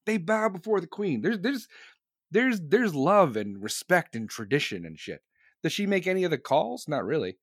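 A man streaming live, chatting casually and profanely to his audience, excitable and laughing between remarks. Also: fairly high pitch, moderate pace, no echo, studio quality.

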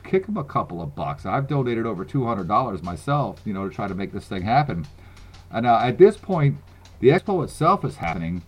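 A man with a Southern US accent co-hosting a casual podcast, blunt and swearing freely, often restarting his words. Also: fairly low pitch. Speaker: podcast co-host.

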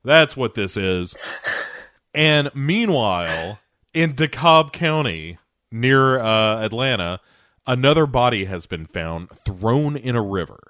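A man co-hosting a podcast, casually recapping a TV episode as an animated storyteller who acts out quotes. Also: medium pitch, slow, no room sound, studio quality. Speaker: podcast co-host.

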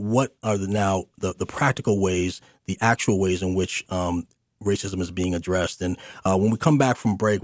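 A man's voice: lowish voice, darkish tone, no room sound, clean studio sound. A man hosting a community radio interview show, speaking earnestly with many fillers and restarts. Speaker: radio host.

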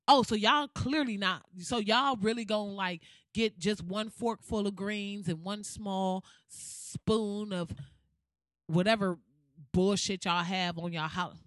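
A woman's voice: medium pitch, takes it slowly, fairly bright tone, dry recording, clean studio sound. A woman ranting in exasperated, profane comic style with rhetorical questions. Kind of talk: comedic rant.

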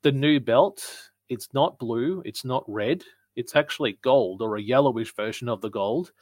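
A man's voice: medium pitch, moderate pace, a little mellow, no room sound. A man co-hosting a casual wrestling chat, talking things through in an analytical, explaining way. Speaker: podcast co-host.

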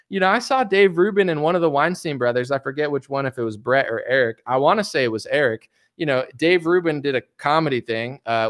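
A man's voice: on the high side, a bit bright. A man giving a casual, rambling rant as a streamer. He often stumbles, repeats words and restarts sentences. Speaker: political commentary streamer.

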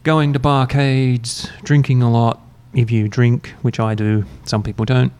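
A man hosting a podcast, chatting in a relaxed, rambling, self-mocking way while drinking beer. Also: mid-range voice, unhurried, clean tone. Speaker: podcast host. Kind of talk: casual chat. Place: university room, drinking beer.

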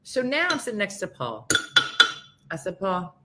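A woman's voice: medium pitch, moderate pace, very noisy. A woman as a guest on a talk show, casually telling a comic story and acting out the people in it. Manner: animated, acts out quoted people.

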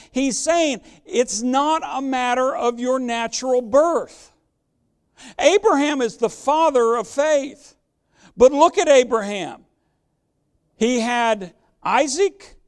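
A man preaching a sermon as pastor, emphatic and fond of rhetorical questions. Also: very high voice.

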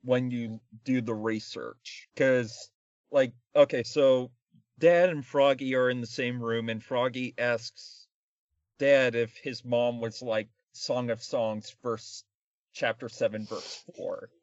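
A man's voice: medium pitch, fairly even intonation, takes it slowly, no echo, lo-fi sound. Rambling sarcastic man reviewing a film. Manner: rambling, sarcastic, many fillers. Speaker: podcast co-host. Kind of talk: casual comedic film review chat.

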